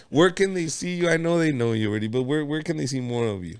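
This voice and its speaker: A man's voice: on the high side, a little fast. A man with a Mexican accent hosting a podcast, chatting loosely with a guest, swearing and laughing often. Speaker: podcast host, comedian. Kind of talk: casual interview chat.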